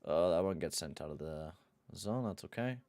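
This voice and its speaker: A young man streaming a hockey video game, chatting with viewers and shouting and swearing at the game. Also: low voice, expressive, normal speed, no echo. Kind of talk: live gameplay commentary and chat.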